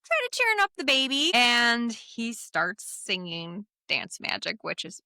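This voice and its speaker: Bright, chatty middle-aged woman. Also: a little high, very animated, measured pace, no echo, studio quality. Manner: retells scenes acting out lines, laughs often. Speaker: podcast co-host. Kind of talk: casual film rewatch chat.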